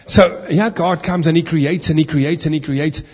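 A man gives a lively Bible lesson in a large hall, stopping to ask his listeners questions and tossing in playful asides. His voice sounds a little husky, and the sound rings with long reverb. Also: a little high, moderate pace. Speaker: preacher. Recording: echoey hall.

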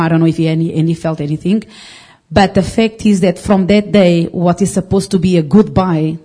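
A woman's voice: fairly low pitch, dark tone. A woman giving a personal testimony in church, telling it earnestly with frequent restarts and loose phrasing. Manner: earnest storytelling with restarts, non-native phrasing. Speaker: congregation member giving testimony.

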